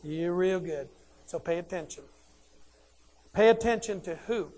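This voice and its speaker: A man's voice: high voice, a little slow, a little mellow. A man preaching a sermon, emphatic and conversational, who asks questions and answers them himself.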